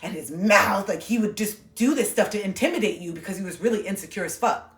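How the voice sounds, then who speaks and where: A woman hosting a casual livestream, talking in an animated, emphatic way with plenty of swearing. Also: mid-range voice, fairly quick, roomy sound, recorded from a distance, soft background music. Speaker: livestream host. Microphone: phone.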